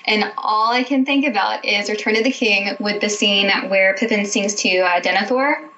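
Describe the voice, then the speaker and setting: Young woman, bright tense tone, careful hedging talker, dull recording. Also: mid-range voice, normal speed. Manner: hedging, thoughtful, self-correcting. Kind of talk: casual chat. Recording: dull lo-fi sound with faint noise.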